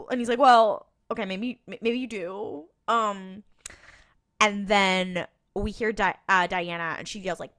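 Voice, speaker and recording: A woman's voice: medium pitch, unhurried, smooth, dry recording, studio quality. A woman co-hosting a casual podcast and retelling an episode scene by scene. She quotes the characters and laughs often. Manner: animated retelling, quoting characters, frequent laughs and ums. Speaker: podcast co-host. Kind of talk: casual recap chat.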